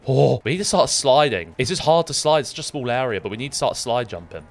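A young man commentating his own gameplay, excitable, swearing and talking to himself. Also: medium pitch, fast talker. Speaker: gaming YouTuber.

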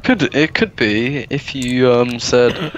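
Slow-talking joking man in voice chat. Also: medium pitch, animated, slight background noise. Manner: jokey, hums and sings random bits. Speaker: friend in voice chat. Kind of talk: casual chat.

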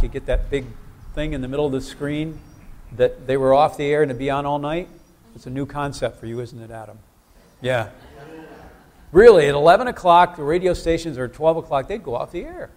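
Male preacher, church sermon, conversational, asks the congregation questions, voice sits a bit high. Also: darkish tone.

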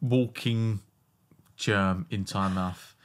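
A man's voice: fairly low pitch, fairly even intonation, extremely slow. A man in his thirties with a South London accent, a laid-back guest teasing his partner in a casual chat. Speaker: podcast guest.

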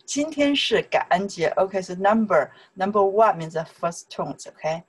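A woman with a Chinese accent teaching an online lesson, drilling syllables slowly and checking in with "okay?" again and again. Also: medium pitch, animated, husky, low-quality recording.

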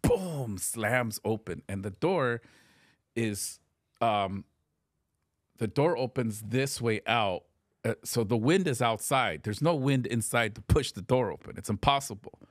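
A middle-aged man, a podcast guest, telling a story in an animated, profane way on a close podcast mic. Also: mid-range voice, unhurried, no echo. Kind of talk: casual storytelling.

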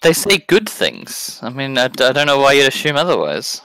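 A British man chats along as a guest in a casual gaming session, his humour dry and deadpan. His voice sounds bright and sits at a middle pitch. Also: moderate pace, low-quality recording. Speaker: guest co-player. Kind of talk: casual chat while playing a game.

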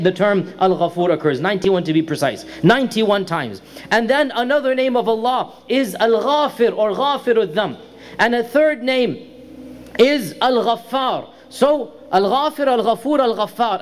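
A middle-aged man teaching a religious lecture, explaining terms carefully and repeating key words for emphasis. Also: high-pitched. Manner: pronounces Arabic terms carefully. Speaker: Islamic lecturer.

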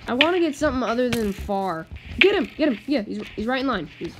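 A woman's voice: on the high side, very animated, fast, noisy background. A woman hosting a channel, giving casual running commentary on her game and pleading with the creatures on screen. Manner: chatty, exasperated, talks to game mobs. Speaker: gaming channel host.

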